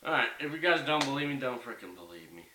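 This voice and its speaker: A man's voice: medium pitch, sing-song, fast, sharp tone. A young man ranting in a casual home vlog, heated and profane, rambling as he goes. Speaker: vlogger. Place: bedroom at home. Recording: echoey room, mic at a distance, faint hiss.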